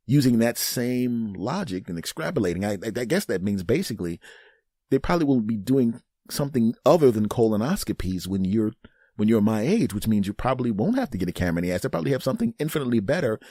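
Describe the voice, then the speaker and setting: A man's voice: low voice, a little mellow, dry recording, studio quality. A middle-aged man hosting a solo comedy podcast, rambling and self-mocking, with an exasperated edge. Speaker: podcast host.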